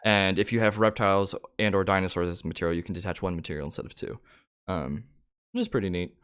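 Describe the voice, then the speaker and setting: A man's voice: low-pitched, fast, a bit bright, smooth. A young man co-hosting a casual card-game podcast, talking in a rambling way with many fillers and restarts. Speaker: podcast co-host.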